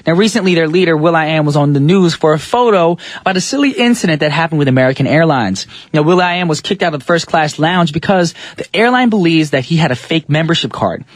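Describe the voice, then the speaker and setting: A man's voice: fairly high pitch, animated, quick pace, few pauses, no room sound. A man hosting a music radio show from a studio, chatty and upbeat, talking straight to listeners. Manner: chatty, upbeat, addresses listeners as you guys and y'all. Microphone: studio microphone.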